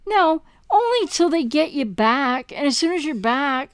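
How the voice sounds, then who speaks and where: A woman's voice: high-pitched, animated, a little slow, few pauses, no echo, studio quality. A woman coaching her listeners in an impassioned monologue, asking rhetorical questions and repeating words for emphasis. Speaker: relationship recovery coach. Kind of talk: impassioned direct-to-camera monologue.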